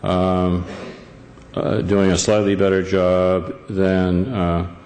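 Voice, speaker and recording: A man's voice: sits low, level tone, slow pace, darkish tone. A man presenting to a live audience, talking with many fillers and restarts. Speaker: event presenter. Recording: echoey hall, faint ambience.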